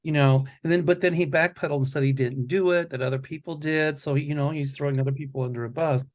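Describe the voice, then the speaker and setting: A man's voice: fairly high pitch, steady tone, fast talker. A man hosting a psychic predictions show, talking in a rambling, confident, casual way. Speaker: psychic host.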